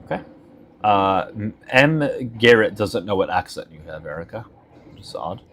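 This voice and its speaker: A man's voice: on the low side, lively intonation, unhurried, a bit bright. A man hosting a casual live stream chat, talking bluntly, teasing his viewers and swearing freely.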